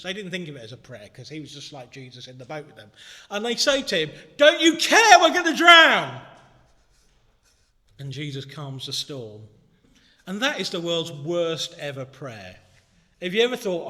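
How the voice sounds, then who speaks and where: A man preaching a sermon in a church, earnest and conversational, ranging from hushed moments to shouting. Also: fairly high pitch. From Britain. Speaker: minister. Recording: long church reverb.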